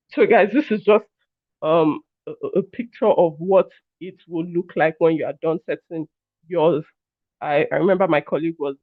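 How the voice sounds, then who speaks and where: A man's voice: fairly high pitch, dry recording. A man leading a live online training session over a video call, chatty and apologetic, often calling his listeners "guys". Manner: apologetic, checks on the audience. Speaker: workshop trainer. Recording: tinny phone-like online call audio.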